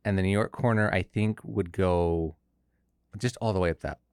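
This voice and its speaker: A young man with a very low voice talks in a loose, rambling way, cutting himself off and starting over. He is from Connecticut and co-hosts a casual podcast. The sound is dry and close, with no room echo. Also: normal speed, darkish tone, smooth. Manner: rambling, self-interrupting. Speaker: podcast host. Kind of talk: casual chat.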